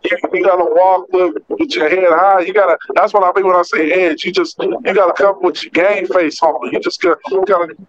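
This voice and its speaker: A man's voice: high-pitched, steady tone, brisk, dull audio. A man talking earnestly and at length in a casual faith chat, often restarting his sentences. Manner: rambling, earnest, many restarts. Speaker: podcast co-host.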